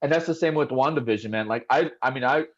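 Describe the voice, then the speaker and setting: A man's voice: medium pitch, quick pace. Rambling man, muffled lo-fi sound. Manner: rambling, loose, with many fillers. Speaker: podcast co-host. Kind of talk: casual chat.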